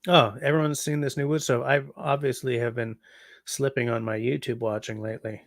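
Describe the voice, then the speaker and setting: Tired canadian guy rambling thru his livestream chat, gravelly voice, dry close mic, lots of ums. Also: medium pitch, steady tone, a little fast, no echo. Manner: rambling, chatty, yawning, frequent ums. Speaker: livestream host reading chat.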